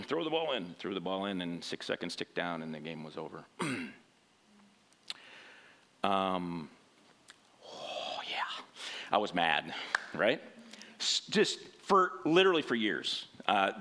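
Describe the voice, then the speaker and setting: Lively bright-voiced man telling a story. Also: on the low side. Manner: rambling, conversational, tags lines with "right?". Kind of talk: personal storytelling sermon.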